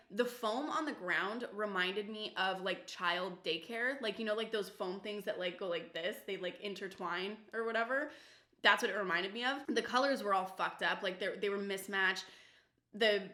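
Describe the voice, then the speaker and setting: A woman's voice: mid-range voice, unhurried, sharp tone. A young woman vlogger telling a story while doing her makeup, casual, full of fillers and swearing. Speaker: beauty vlogger. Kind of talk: chatty get-ready-with-me storytime. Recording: roomy echo.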